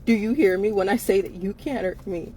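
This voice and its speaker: This co-host of a live chat show sounds worn out as she chats casually on stream, hammering her points again and again, cursing without restraint and laughing often. Her mid-range voice is warm and slightly rough, and her pace is a little fast.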